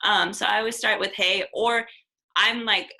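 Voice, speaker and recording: On a video call with poor audio, a guest coach in her twenties talks in a bright, ringing yet gravelly voice at medium pitch and a moderate pace. She's blunt and chatty, tosses in the odd casual swear word, and comes across relaxed and candid.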